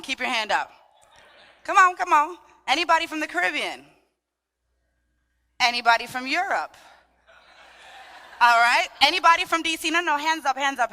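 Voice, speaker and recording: A woman's voice: a little high, long reverb tail. A Brooklyn-born woman with a Trinidadian lilt, leading a conference audience in a playful, sing-song way. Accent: Trinidadian-tinged New York. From Brooklyn, of Trinidadian family. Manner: sing-song, animated, playful, leads call-and-response. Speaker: dance workshop leader. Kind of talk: lively talk to a conference audience. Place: large conference hall.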